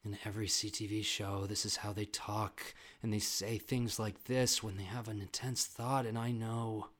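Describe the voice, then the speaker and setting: A man hosting a podcast, delivering a comedic rant with animated, loud outbursts and swearing. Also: lowish voice, moderate pace. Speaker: podcast host.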